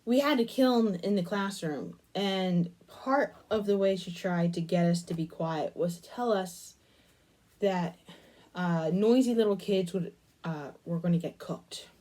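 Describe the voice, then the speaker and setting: A crafting channel host, a young adult woman, chats casually as she works clay, wandering between her task and a long story from childhood. Her voice is on the low side and dark in tone, and she speaks a little slowly.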